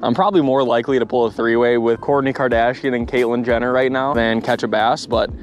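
A man's voice: mid-range voice, fast. Joking young man vlogging by a pond. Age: about 20. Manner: joking, rambling, excitable. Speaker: bass fishing YouTuber. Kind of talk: casual vlog chat. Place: outdoors by a pond.

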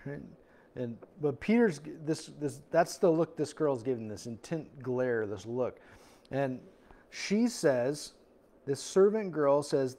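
A male pastor teaches through a passage in a relaxed, conversational style. He often slips into little acted voices for the people in the story. His voice sits a touch higher than most men's. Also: moderate pace. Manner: conversational, acts out quotes with voices. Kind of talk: expository sermon. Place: church.

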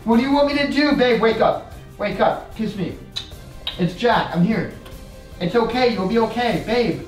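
A man's voice: sits high, distant mic. A young man co-hosting a home vlog, rattled and repeating himself while pleading with his girlfriend. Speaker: boyfriend, co-host. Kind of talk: prank vlog, casual. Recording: roomy, off-mic, faint music.

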